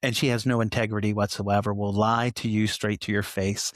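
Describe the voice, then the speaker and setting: A man's voice: lowish voice, fairly quick, no room sound. An older man, a retired sheriff's sergeant, telling his story candidly as a podcast guest and acting out what others said. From Colorado, USA. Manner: animated retelling, acts out others' lines.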